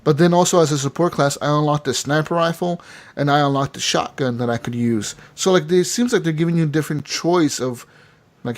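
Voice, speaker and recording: A man telling game stories on a casual gaming podcast. He talks with loose, excited energy and swears freely, tossing in "dude" and "man" as he goes. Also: fairly high pitch, a little fast. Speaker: podcast co-host.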